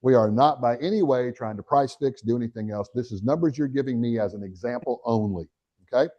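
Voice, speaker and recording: A middle-aged man giving a live real estate training, energetic and talking straight to the audience with questions. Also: mid-range voice, a little fast, muffled recording. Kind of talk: live motivational training talk.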